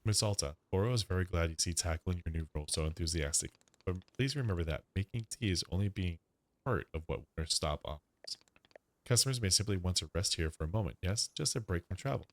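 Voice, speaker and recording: A man voicing a gentle, polite male tea shop keeper who speaks formally with slightly odd grammar. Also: deep voice, animated, fast.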